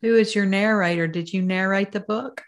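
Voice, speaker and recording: A woman's voice: mid-range voice, steady tone, normal speed. A female podcast host with a Southern US accent, chatting in a friendly, conversational way. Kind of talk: casual interview chat.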